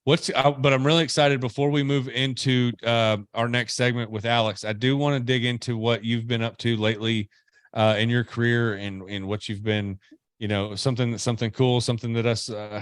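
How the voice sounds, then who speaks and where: A man's voice: medium pitch, clear, resonant tone, dry recording. A man hosting a podcast in casual chat, rambling and restarting his sentences as he asks questions. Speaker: podcast host. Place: lives in Nashville.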